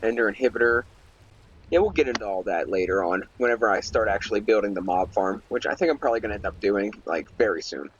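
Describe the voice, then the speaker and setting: A man's voice: fairly low pitch, animated, fast, muffled recording, a little hiss or hum. A young man giving casual gameplay commentary while ranting in an irritated, rambling way, full of "like" fillers. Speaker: Let's Play commentator.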